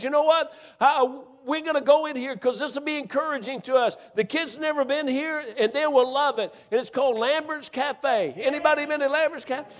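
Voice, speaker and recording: A man preaching, telling a personal story in a folksy, emphatic way with many restarts, in a church. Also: extremely high pitch. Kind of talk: storytelling sermon. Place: church sanctuary. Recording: church hall reverb.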